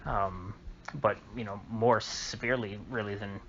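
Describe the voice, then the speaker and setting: A man hosting a solo political commentary monologue, talking in a halting way with frequent restarts and an indignant tone. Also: on the low side, steady tone, fairly bright tone. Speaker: channel host. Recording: slightly dull recording with faint noise.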